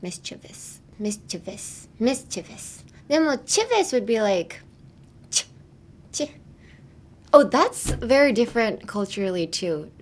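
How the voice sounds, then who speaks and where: A woman's voice: on the high side, very animated, a little slow, pauses often. A young woman hosting a casual podcast, chatting and teaching English pronunciation, laughing often. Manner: giggly, chatty, lots of "like" and laughter. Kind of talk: casual chat and pronunciation lesson.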